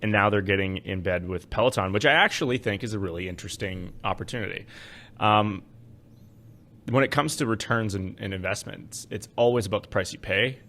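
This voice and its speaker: A man with a lowish voice co-hosts a finance podcast in casual chat. He is wry and animated, and he explains his points with frequent ums and restarts. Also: brisk. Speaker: podcast co-host, investment adviser.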